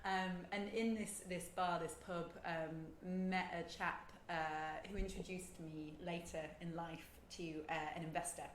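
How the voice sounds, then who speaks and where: A woman's voice: on the low side, unhurried, hardly any pauses. A woman with a Yorkshire accent, a guest in a casual interview, talking with many ums and hesitations. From West Yorkshire, England. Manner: relaxed, many ums, laughs easily. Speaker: guest, shop owner. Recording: roomy echo, faint noise.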